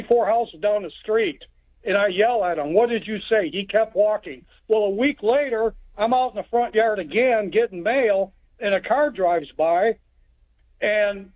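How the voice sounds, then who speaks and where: A man's voice: sits high, no echo. A man calling in from Texas, telling a story in a plainspoken, rambling way. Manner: plainspoken, rambling narration with restarts. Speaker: caller. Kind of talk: phone-in storytelling. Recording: tinny phone line.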